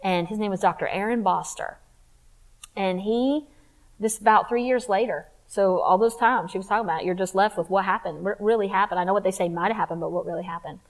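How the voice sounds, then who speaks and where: A woman addresses a women's conference, telling her own testimony. She talks in a conversational, confiding way and pushes up into emphatic rises at key points. Her voice sits at a mid pitch. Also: a little fast. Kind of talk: personal testimony talk.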